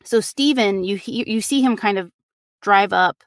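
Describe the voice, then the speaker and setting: A woman telling a true crime story in a relaxed, chatty way, leaning on fillers as she goes. Her voice is smooth and crisp, at a middle pitch. It sits close and dry on the mic, with no room sound. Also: a little slow, no echo. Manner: chatty, many fillers like "you know" and "like". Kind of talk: casual storytelling recounting a case.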